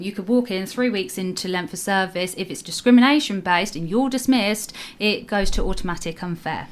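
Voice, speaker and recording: Woman explaining the law step by step. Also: mid-range voice. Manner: explains step by step, often repeating words as she goes. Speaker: HR adviser and podcast co-host. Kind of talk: casual explanatory chat.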